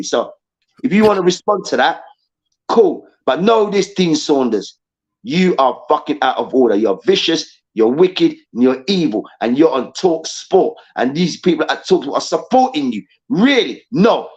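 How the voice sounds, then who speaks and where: A man hosting a football debate show, ranting angrily and profanely and hammering his points with repetition. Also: on the high side. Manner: angry, profane, emphatic repetition. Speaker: host. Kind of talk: heated football debate rant. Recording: dull lo-fi sound.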